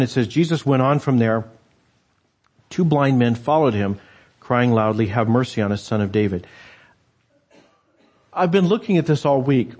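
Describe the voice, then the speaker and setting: Guy preaching a sermon, kinda husky, lots of ums and restarts, chatty. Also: medium pitch, a little mellow. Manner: conversational, halting with fillers and restarts. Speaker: pastor.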